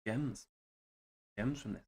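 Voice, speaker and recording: A man's voice: on the low side, takes it slowly, mellow, husky. A man with an English accent chatting casually on a live gaming stream, rambling and wry as he answers viewers by name. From England. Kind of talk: casual live-stream chat while playing a strategy game.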